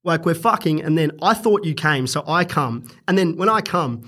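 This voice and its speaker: A man's voice: a little high, animated, normal speed, sharp tone. A young man telling a story in casual podcast chat, rambling and profane, often laughing. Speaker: podcast guest.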